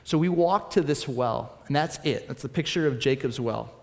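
A man preaching a sermon, telling stories in a lively, animated way, swinging between soft asides and excited bursts. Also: mid-range voice, normal speed, creaky, big-room sound. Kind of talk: sermon with personal storytelling.

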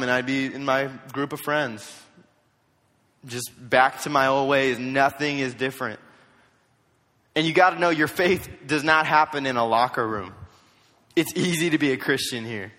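A young man giving a storytelling youth sermon, jokey and animated, acting out what others said in quick put-on voices. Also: mid-range voice. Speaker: youth speaker. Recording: long hall reverb.

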